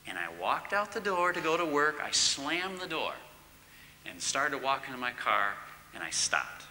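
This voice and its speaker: A middle-aged man giving a church teaching talk, swinging from loud emphatic bursts to hushed near-whispers. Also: a little high, very animated, a little slow, slight background noise. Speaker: marriage course speaker. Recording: long reverb in a large hall.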